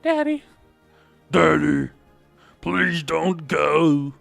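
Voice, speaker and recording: Pria menirukan gadis kecil yang merengek dengan suara tinggi. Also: male voice, very animated, drawn-out words, vocal fry, fairly bright tone, dry recording, soft background music, exaggerated voice. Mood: pleading. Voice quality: high, whiny, pleading. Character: little girls pleading with their father. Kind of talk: reading game dialogue aloud.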